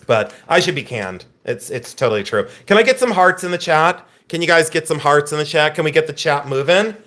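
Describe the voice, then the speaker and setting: Joking, chatty American auction host. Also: male voice, fairly high pitch, animated, fairly quick, fairly bright tone. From United States. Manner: joking, teasing viewers, rambling. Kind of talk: casual live-stream sales chat.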